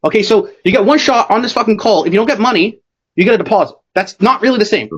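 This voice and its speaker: A man's voice: sits high, lively intonation, quick pace, fairly bright tone, slightly rough. A young man coaching a sales rep over a call, blunt and swearing constantly. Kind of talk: profane casual coaching call. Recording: dull lo-fi call audio.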